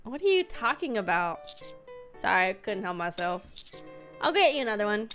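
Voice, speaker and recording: A woman's voice: medium pitch, big pitch swings, normal speed, a bit bright, faint music behind. A woman streaming a game, chatting casually with laughs and reading its lines aloud.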